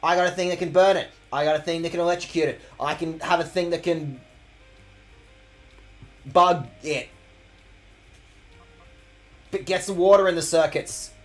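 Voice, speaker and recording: A man's voice: on the high side, steady tone, normal speed, long pauses, faint music behind. A man streaming a game with sweary, jokey commentary. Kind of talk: casual gaming commentary.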